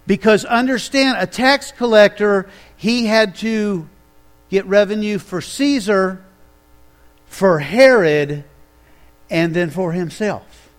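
A man pastor preaching a sermon, telling the story with animated delivery and rhetorical questions to the congregation. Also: high voice, slow.

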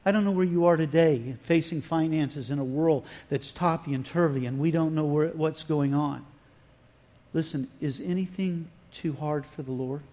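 High-voiced preacher in a reverberant hall. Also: male voice, moderate pace, mellow. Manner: dramatic retelling, acting out dialogue, rising and falling emphasis. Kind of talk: sermon.

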